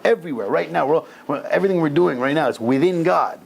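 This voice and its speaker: A man's voice: a little high, lively intonation, fast talker, gravelly, slight background noise. A man teaching an informal Torah class, talking casually and animatedly with slang and Hebrew terms mixed in. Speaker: rabbi teaching a weekly class. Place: synagogue lower-level room.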